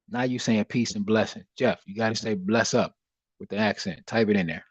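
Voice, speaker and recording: A low-voiced man talks easily through a live trading stream, reading messages from his viewers as he goes. He sounds laid-back and chatty. The close microphone sounds dry and slightly dull. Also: fairly even intonation, brisk, slightly rough, no room sound. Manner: laid-back, chatty, reads chat aloud. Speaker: livestream trading host. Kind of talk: casual livestream chat.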